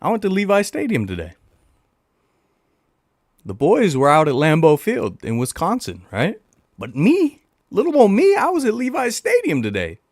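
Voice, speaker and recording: A man chatting on a livestream with a voice that swings hugely up and down, sitting a little higher than most men's. He is playful and talks straight to his viewers, repeating lines for emphasis. The sound is close and dry. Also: normal speed, pauses often, no room sound. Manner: animated, talks about himself in the third person; playful, blows kisses into the mic. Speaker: livestream host. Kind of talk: casual livestream chat.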